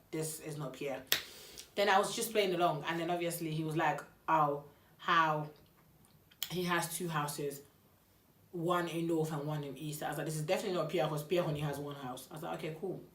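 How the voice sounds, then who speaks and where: A woman's voice: low-pitched, echoey room. A young woman, chattily telling a story and acting out the dialogue. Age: young adult. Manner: chatty, animated retelling with quoted dialogue. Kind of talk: casual storytime vlog.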